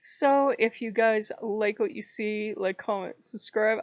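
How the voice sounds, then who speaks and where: A woman hosting her own channel, telling a story in a casual, animated way, with frequent swearing, laughter and acted-out quoted voices. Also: medium pitch, measured pace, few pauses, no echo, muffled recording. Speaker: channel host. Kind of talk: casual spiritual vlog monologue.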